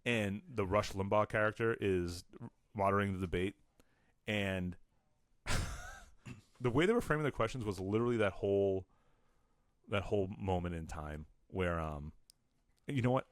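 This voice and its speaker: A man's voice: fairly low pitch, moderate pace, pauses often, dry recording, clean studio sound. A man co-hosting a comedy podcast, ranting in casual chat and swearing often. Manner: profane, ranting. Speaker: podcast co-host.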